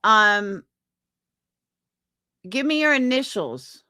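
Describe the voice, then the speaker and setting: A woman's voice: medium pitch, sing-song, extremely slow, pushed and bright, dry recording, studio quality. A young woman on a live stream, chatting casually with viewers and venting in indignant, profane talk. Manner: indignant, profane, quotes others in put-on voices. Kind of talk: casual chat stream, reading comments.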